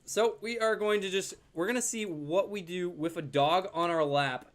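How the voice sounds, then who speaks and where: A man's voice: sits high, moderate pace. A young man casually commenting on his own gameplay as a video host, chatty and joking. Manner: chatty, jokey, talks to his dog in a soft baby voice. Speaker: gaming YouTuber.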